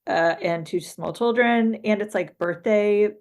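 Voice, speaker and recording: A woman's voice: medium pitch, a little slow, darkish tone. A woman co-hosting a podcast, talking in hesitant, filler-heavy casual chat and laughing often. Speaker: podcast co-host.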